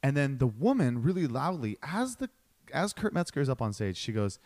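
A man's voice: mid-range voice, fairly quick, dry recording. A man telling a story in casual chat, acting out the people in it. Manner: animated, acts out quotes.

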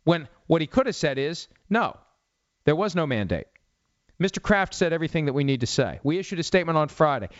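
A man's voice: on the high side, big pitch swings, a little fast, no echo, dull audio. A man hosting a solo sports talk show in a studio, arguing with sarcasm and pointed rhetorical questions. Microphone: studio mic with cough button.

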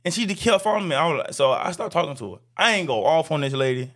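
Animated, foul-mouthed man telling stories. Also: fairly high pitch, racing. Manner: animated, profane, acts out quoted dialogue. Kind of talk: casual storytelling chat.

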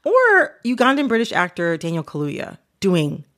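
A woman's voice: medium pitch, wildly swooping pitch, moderate pace, a bit bright. A woman hosting a casual podcast conversation, talking in a chatty way with lots of "like" fillers. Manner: chatty, filler-heavy with frequent "like". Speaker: podcast host.

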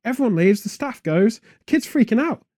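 A man co-hosting a comedic casual chat, rambling through absurd film pitches in an animated and easily exasperated way. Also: moderate pace, no room sound, studio quality. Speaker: podcast co-host.

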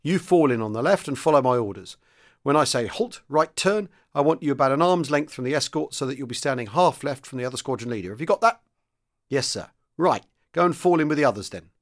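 A man voicing a brisk army sergeant major who barks clipped, loud drill commands. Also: mid-range voice, animated, close to an everyday voice.

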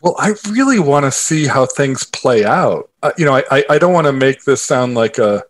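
A man being interviewed as a guest, telling a personal story in a lively conversational way, full of filler phrases and restarts. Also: medium pitch, moderate pace, a little hiss or hum. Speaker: interview guest, author and investor.

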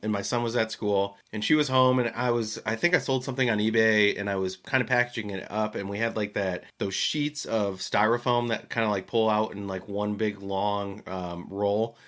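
Man telling an animated anecdote. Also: on the low side, moderate pace, few pauses. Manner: animated storyteller, laughs often. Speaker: podcast co-host. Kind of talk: casual chat.

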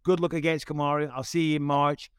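Sweary, lively British podcast host. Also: male voice, fairly high pitch, quick pace, clear, resonant tone, no room sound, clean studio sound. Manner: sweary, blunt and enthusiastic. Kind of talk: casual chat.

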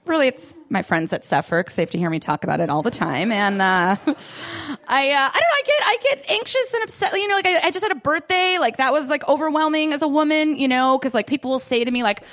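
A woman's voice: high voice, expressive, fast talker, a bit bright. A young woman doing a stand-up set in a club, self-deprecating and giggly, laughing through her lines. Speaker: stand-up comedian. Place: comedy club in Brooklyn. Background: audience laughter.

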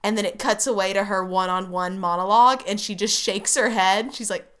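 A woman's voice: mid-range voice, fairly even intonation, brisk, a bit bright, smooth. A woman in casual chat, cracking jokes and jumping in to finish her friend's lines. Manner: joking interjections, jumps in to finish lines.

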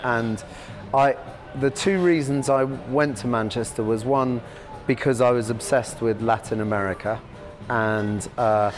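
A man in his fifties, a podcast guest telling long anecdotes in a halting, rambling way full of restarts. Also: medium pitch, fairly even intonation, soft background music. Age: 50s. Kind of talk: anecdotal storytelling.

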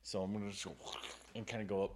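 A man's voice: lowish voice, level tone, racing, slight background noise. A man playing a tabletop game, laid-back and chatty, describing his moves with lots of filler words. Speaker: player. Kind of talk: casual tabletop play.

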